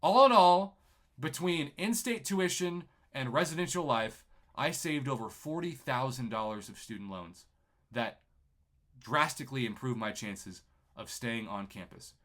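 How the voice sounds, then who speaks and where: A young man from New Mexico telling his own life story in an animated, emotional way, acting out the people he quotes. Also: medium pitch, unhurried. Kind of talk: personal storytelling.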